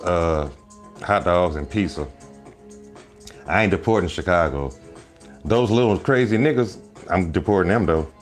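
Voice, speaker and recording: Joking, low-voiced man hosting a live stream. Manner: loud joking rambles, bursts of laughter, mock voices. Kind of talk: casual comedic live stream chat.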